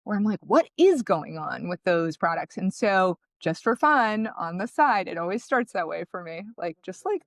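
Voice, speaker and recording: A woman founder being interviewed, telling her story in a lively, conversational way and acting out what people said. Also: medium pitch, moderate pace, few pauses, no room sound. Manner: animated, conversational, acts out quotes. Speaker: guest, founder.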